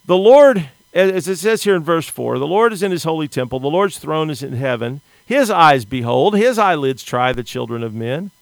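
A middle-aged American man preaching a sermon with an earnest, plain-spoken manner, often stumbling over and repeating the first words of a sentence. His voice sits a little high for a man and sounds smooth and clear. The recording is dry and close, with no room sound. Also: expressive, moderate pace, few pauses, dry recording. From United States.

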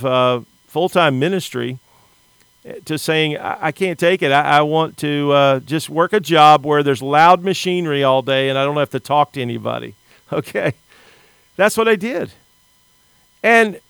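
A middle-aged American man preaching a sermon with an earnest, plain-spoken manner, often stumbling over and repeating the first words of a sentence. His voice sits a little high for a man and sounds smooth and clear. The recording is dry and close, with no room sound. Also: no room sound. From United States.

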